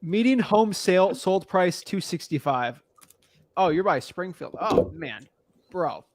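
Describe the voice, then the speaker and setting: A man with a somewhat high voice coaches a beginner in loose, slangy talk. He is blunt and conversational, and the sound is dry and close, with no room around it. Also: expressive, a little slow, no room sound. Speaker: real estate wholesaling coach. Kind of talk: casual coaching call.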